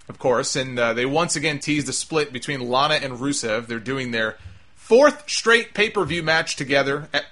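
Male solo show host, bright tone, casual and opinionated, rambling delivery. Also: medium pitch. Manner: opinionated, emphatic, rambling with restarts. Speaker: wrestling commentator.

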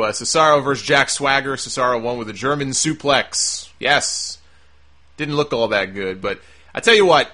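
Casting note: bright, forceful male podcaster, sarcastic and profane, riffs fast on last night's wrestling. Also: mid-range voice. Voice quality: sarcastic, animated, swears freely. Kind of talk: casual profane recap and rant.

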